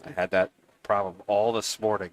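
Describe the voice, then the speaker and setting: A man's voice: on the low side, flat delivery, moderate pace, low-quality recording. A man with a Philadelphia accent commentating a pool match, friendly and easygoing in his chatter. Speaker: sports commentator. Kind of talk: casual commentary banter.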